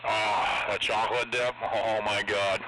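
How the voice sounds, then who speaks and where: A man's voice: lowish voice, measured pace. A man on CB radio chatting casually, opinionated and outspoken, with frequent swearing. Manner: animated, opinionated, profane. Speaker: CB radio operator. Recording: CB radio with loud noise.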